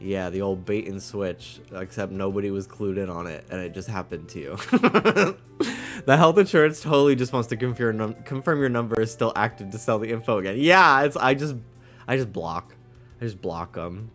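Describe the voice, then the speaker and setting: A man's voice: on the low side, animated, a little fast, fairly bright tone. Chatty streamer guy over faint music. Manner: chatty, jokey, reads chat aloud. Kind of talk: casual live-stream chat.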